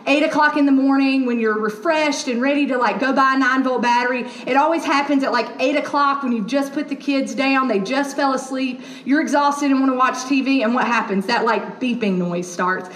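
A woman with a high, bright-pitched voice preaches a casual, story-filled sermon. She talks in a chatty way, full of ums and asides. The sound is roomy, with the echo of a church hall. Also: a little fast, hardly any pauses. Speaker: pastor. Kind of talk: conversational sermon.

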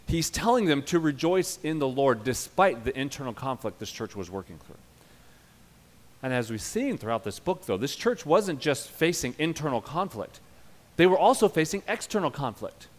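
A male pastor preaching a sermon, emphatic, swinging from loud urging to quiet earnest passages. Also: a little high, very animated, normal speed, long reverb tail.

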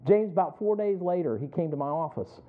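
A man's voice: a little high, fairly quick. A man preaching a sermon, telling personal stories and chuckling between lines as he acts out both sides of a conversation. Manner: animated storytelling, acting out both sides of a conversation. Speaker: pastor. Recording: tinny phone-like sound.

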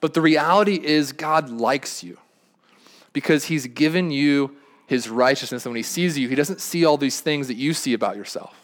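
A man's voice: a little high, normal speed. A young man preaching a sermon as a pastor, talking conversationally with frequent restarts and asides. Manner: conversational, rambling with many restarts.

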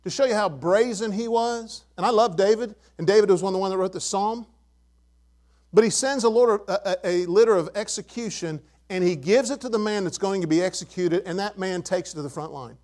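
A man's voice: high-pitched, a little fast, a little mellow. An older man preaching a sermon to his church, emphatic and repeating key words. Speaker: pastor.

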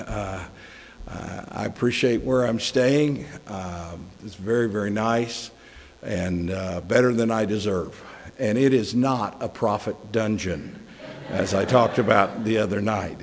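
A man's voice: lowish voice, creaky, breathy edge. A middle-aged man giving a conversational sermon as a guest preacher, folksy and joking with chuckling asides. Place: church sanctuary. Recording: long hall reverb.

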